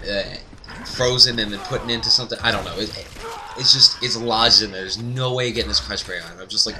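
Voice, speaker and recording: Lively man telling a story over gameplay. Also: lowish voice, slight background noise, rough recording. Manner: animated, laughing, rising to excited yelps. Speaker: gaming commentator.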